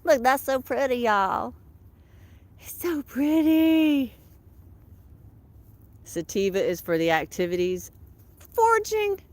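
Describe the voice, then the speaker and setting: A woman's voice: sits high, sing-song, takes it slowly, long pauses, a little mellow, no echo. A woman, chatting casually on a livestream from her home kitchen, laughing often. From Southeastern Virginia. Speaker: vlogger.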